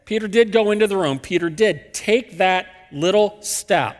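A man's voice: sits high, moderate pace, big-room sound, soft background music. A man preaching a sermon as a pastor, telling the story with emphatic, repeated phrases.

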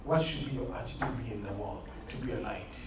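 A fast-talking man of medium pitch leads youth group Bible study, turning his sermon into an earnest quiz and calling listeners "beloved." He's captured in an echoey, chair-lined room by a distant mic, with a faint hum present.

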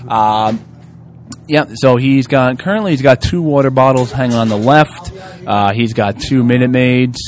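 A man's voice: mid-range voice, moderate pace. A man co-hosting a podcast, giving joking play-by-play banter live at an outdoor eating contest. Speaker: podcast co-host. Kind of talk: casual live commentary.

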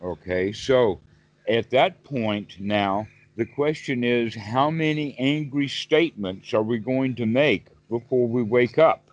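Calm man teaching over a muffled call. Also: mid-range voice, takes it slowly. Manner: calm, explanatory, repeats words while thinking. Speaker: Buddhist teacher. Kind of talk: dharma talk on a group call. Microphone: video call.

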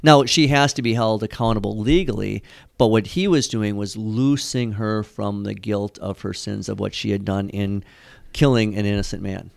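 A man's voice: lowish voice, fairly even intonation, normal speed, creaky, dry recording. A man who is a pastor and catechism teacher, talking in a rambling, storytelling way with frequent fillers in a casual church discussion. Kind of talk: conversational church podcast discussion.

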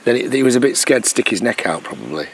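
A man's voice: medium pitch, expressive, fast talker, distant mic, a little hiss or hum. A man in loose, rambling casual chat, teasing and swearing freely.

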